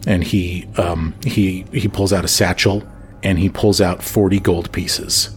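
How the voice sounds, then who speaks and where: A man's voice: low-pitched, fairly even intonation, a little slow. A man narrating a tabletop game as game master, rambling with many fillers.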